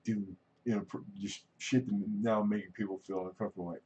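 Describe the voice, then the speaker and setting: A man's voice: on the low side, steady tone, brisk, mellow, lo-fi sound, a little hiss or hum. A middle-aged man hosting a livestream, talking candidly and casually, rambling and swearing freely. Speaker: livestream host.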